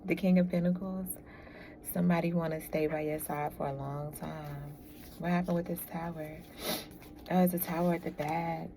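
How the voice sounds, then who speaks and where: A woman's voice: low-pitched, fairly even intonation, normal speed, creaky, warm tone, a little hiss or hum. A woman giving a casual tarot reading, chatty and laughing often as she talks to viewers. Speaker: tarot reader.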